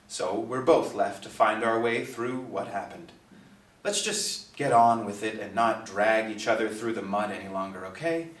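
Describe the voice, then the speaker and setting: A man voicing a dignified, grieving middle-aged superstar father who speaks in a composed, measured way in a storybook reading. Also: mid-range voice, fairly bright tone, lightly acted. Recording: echoey, distant mic.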